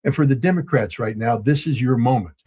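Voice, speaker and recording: A man giving measured political commentary in a formal, grave, emphatic way, with some filler ums. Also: medium pitch, warm tone, slight background noise.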